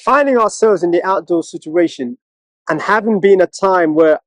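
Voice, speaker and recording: A man, chatting as co-host in a casual interview and telling stories, often mimicking other people in a high mocking voice. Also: normal speed, dry recording, poor audio. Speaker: co-host, one of twin brothers.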